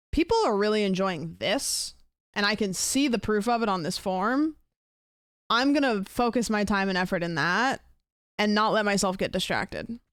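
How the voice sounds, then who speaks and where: A young woman chatting on a live stream, rambling from one idea to the next. Her voice is smooth and clear at a middling pitch. The sound is dry and close, with no room echo. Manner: chatty and rambling, thanks viewers for gifts. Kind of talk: casual live-stream chat.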